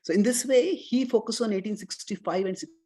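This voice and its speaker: A middle-aged man with an Indian accent giving a scripture lecture, explaining step by step and chanting verses slowly. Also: high voice, warm tone, husky. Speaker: spiritual teacher.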